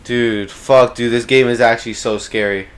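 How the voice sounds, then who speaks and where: A young man playing a horror game, swearing in panic, yelling at monsters and muttering low when tense. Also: steady tone, normal speed, faint music behind. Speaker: gamer.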